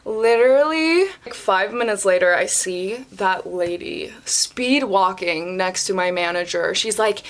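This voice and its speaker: Young woman vlogger, chatty storytime delivery, filler-heavy and animated, mid pitch. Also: unhurried. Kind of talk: casual storytime chat.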